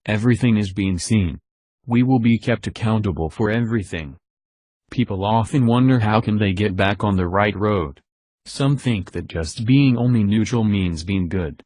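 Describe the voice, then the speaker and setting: A man's voice: lowish voice, normal speed, darkish tone, no echo. A synthetic male text-to-speech voice delivering religious narration, robotic in an evenly paced preaching monologue.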